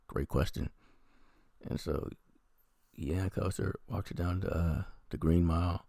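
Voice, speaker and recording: Gravelly deep-voiced man, profane and rambling. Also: normal speed, pauses often, dark tone, no room sound, clean studio sound. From American Midwest. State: unwell. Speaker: TV episode reviewer. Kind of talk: casual spoken review.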